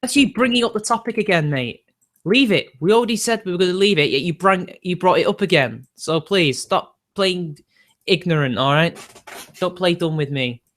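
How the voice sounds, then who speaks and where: A man live-streaming and answering his chat in a rambling way, quickly getting riled and swearing. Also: high-pitched, a bit bright.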